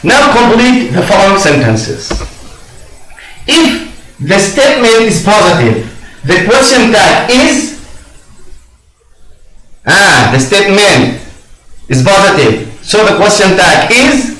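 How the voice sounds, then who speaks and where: A male teacher speaks very slowly in a slightly high voice, leaving long pauses and filling them with "yes" and "very good". The sound is roomy and echoing, like a bare classroom. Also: very animated, a bit bright. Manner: slow, coaxing, answers his own prompts with "yes". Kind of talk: classroom lesson explanation. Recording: roomy echo.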